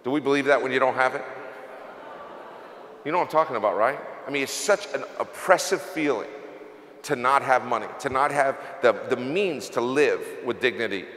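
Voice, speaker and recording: A man's voice: medium pitch, normal speed, fairly bright tone. Middle-aged guy giving an emotional motivational talk onstage, big echoey hall. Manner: confessional, earnest, emotional storytelling. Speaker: company CEO giving a closing speech. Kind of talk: emotional motivational stage speech. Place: large event hall. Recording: echoey hall with long reverb.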